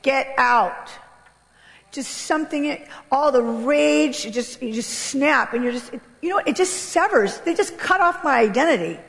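A woman giving an emotional personal testimony to an audience, telling her story with emphatic, impassioned delivery and sudden leaps in pitch. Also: animated, moderate pace, creaky, few pauses, a bit bright. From United States. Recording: long reverb of a large hall.

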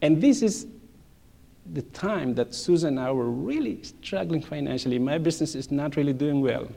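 Animated middle-aged man telling a testimony. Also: a little high, moderate pace, vocal fry. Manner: animated, repeats phrases, laughs between lines. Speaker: church speaker telling a testimony. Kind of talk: personal testimony storytelling.

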